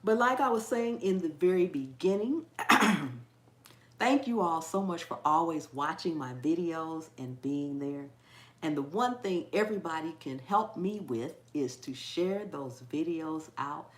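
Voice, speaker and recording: A woman's voice: low voice, lively intonation, unhurried, echoey room. A woman hosting a casual live chat with her viewers, laughing often at herself and tripping over a word she repeats. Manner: trips over words and repeats them. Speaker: cooking channel host.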